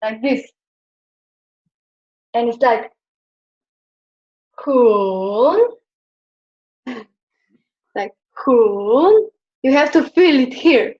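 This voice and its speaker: Slow, hesitant woman teacher, lo-fi sound. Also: high-pitched, a little mellow. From Slovenia. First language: Slovenian. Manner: hesitant, searching for words, many fillers. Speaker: Chinese language teacher. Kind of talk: classroom explanation at a whiteboard. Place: classroom. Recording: dull lo-fi classroom recording.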